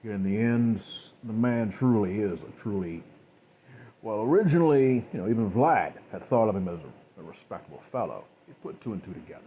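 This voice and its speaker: A man narrating a dark story in a loose, rambling way, with restarts and asides. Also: on the low side, expressive, a little fast, a little hiss or hum.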